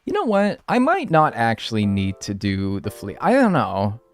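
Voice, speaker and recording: A man from North America talks his way through a live gameplay session in a loose, rambling, joking way. His voice swings widely in pitch and breaks into sudden loud yelps. Faint game music plays beneath him. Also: wildly swooping pitch, normal speed. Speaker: streamer playing a life-sim game. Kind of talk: casual live gameplay commentary.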